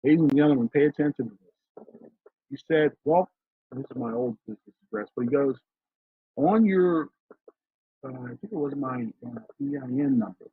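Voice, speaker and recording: A middle-aged financial consultant from Philadelphia, telling stories emphatically in a casual interview. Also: male voice, mid-range voice, fairly even intonation, a little fast, husky, no echo. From Philadelphia, USA. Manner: emphatic, storytelling, acts out quoted dialogue. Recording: dry, tinny phone-like line.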